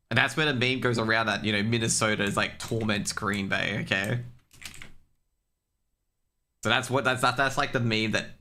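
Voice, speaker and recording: Rambling, swearing young man with a bright voice. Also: on the low side. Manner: rambling, profane and loose, many fillers and restarts; gets worked up and louder when ranting. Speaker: streamer. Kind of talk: casual stream chat.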